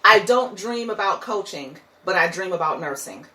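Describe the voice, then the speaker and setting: A woman's voice: lowish voice, lively intonation, moderate pace, pushed and bright, rough recording. A woman, a coach and former nurse, talking earnestly and reflectively in a casual chat.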